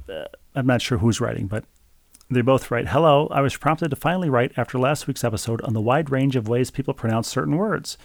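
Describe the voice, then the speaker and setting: A man's voice: medium pitch, no room sound. A man co-hosting a podcast, reading listener mail aloud in a casual, joking way, often stumbling over repeated words. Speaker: podcast co-host.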